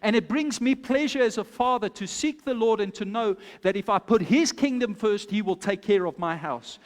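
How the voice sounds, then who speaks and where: Male pastor with a very high voice, storytelling sermon that swells into fervent calls, long hall echo. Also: moderate pace, hardly any pauses. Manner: storytelling preacher, acts out quoted voices, builds to loud exhortation.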